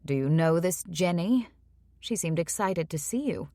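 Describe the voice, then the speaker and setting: A woman's voice: lowish voice, expressive, a little slow, mellow, no echo. A woman voicing a disapproving society matron. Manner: pointed and disapproving.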